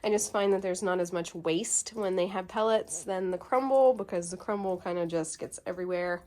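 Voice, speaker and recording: A woman's voice: on the low side, normal speed, darkish tone. A woman chatting casually on a homestead vlog, slightly out of breath, recorded outdoors on a handheld camera. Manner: chatty, bubbly, laughs easily. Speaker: homesteading vlogger. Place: outdoors on a farm, by a chicken coop.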